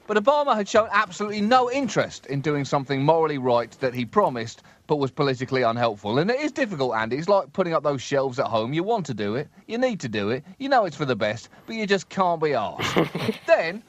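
A man co-hosting a satirical comedy podcast, delivering wry, deadpan asides with bursts of emphasis. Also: medium pitch.

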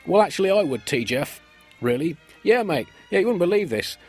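A man's voice: sits high, sing-song, a little fast, darkish tone, breathy edge, faint music behind, pitched above the performer's own voice, exaggerated voice. A man doing a chirpy sly old haggler. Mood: breezy. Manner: matey and breezy.

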